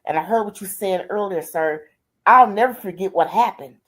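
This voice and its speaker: A medium-pitched woman's voice at a moderate pace: an older grandmother who is the guest on a streamed interview. She shares her life story in a colloquial, heartfelt way, often saying "I said" and "she said."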